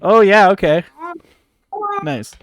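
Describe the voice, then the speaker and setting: A man's voice: sits high, animated, slow pace, fairly bright tone. A man hosting an improv comedy show in casual chat, playful, laughing often and swearing lightly, over a voice call.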